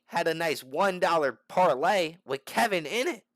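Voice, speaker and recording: A young man spins a story straight to the camera, his voice jumping all over the place as he gets worked up. He talks in loose slang with plenty of swearing and keeps restarting his sentences. His pitch sits a little high for a man, and the sound is close and dry. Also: moderate pace, no room sound. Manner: animated, slangy and profane, with frequent restarts. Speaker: channel host.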